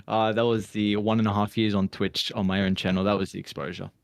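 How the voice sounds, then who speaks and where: A laid-back male co-caster trades loose, profane banter over a call. His voice sits low and comes through dry, with no room sound. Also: level tone, brisk, dry recording.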